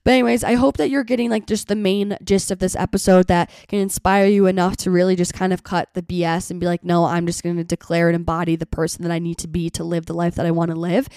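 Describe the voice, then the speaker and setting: Hoarse woman chatting on a podcast. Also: fairly low pitch, flat delivery, fast talker, few pauses, dark tone, no echo, clean studio sound. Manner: chatty, lots of "like" fillers. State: hoarse from being sick. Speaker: podcast host. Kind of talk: casual solo podcast talk.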